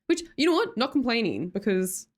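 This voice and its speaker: A woman's voice: a little high, sing-song, brisk. Chatty Australian woman streamer. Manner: chatty and giggly, with frequent fillers and self-corrections. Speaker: livestream host. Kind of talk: casual chat reading viewer comments.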